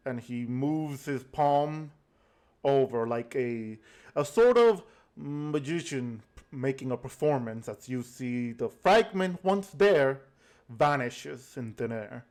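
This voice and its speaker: A man narrating as game master of a tabletop game, slow and halting with many fillers. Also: medium pitch, expressive, darkish tone.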